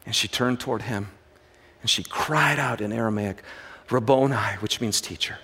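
A man preaching a sermon as a pastor, swinging from hushed, dramatic lows to loud, excited bursts, with jokey asides. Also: normal speed, long pauses, slight background noise.

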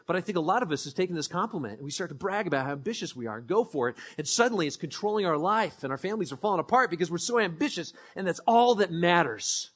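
A pastor with a high, bright, husky voice preaches fast and expressively, rarely pausing. He keeps it conversational, asking his listeners questions and acting out the scripture he reads.

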